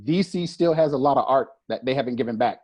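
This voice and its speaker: Husky-voiced male interview host. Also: medium pitch, quick pace. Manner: relaxed, conversational questions. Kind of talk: casual interview chat.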